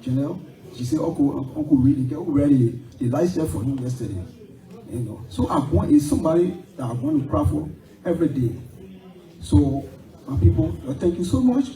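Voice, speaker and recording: Halting Liberian man giving a eulogy. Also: on the high side, animated, dark tone. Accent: Liberian English. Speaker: memorial speaker. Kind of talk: tearful eulogy. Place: memorial gathering hall. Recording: roomy hall from far off, faint music.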